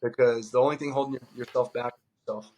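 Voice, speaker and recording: He's a middle-aged man from California and a former pro baseball player, telling loose, animated stories at a quick pace in a medium pitch. Quoted dialogue gets acted out, and "like" comes up again and again. The audio is poor.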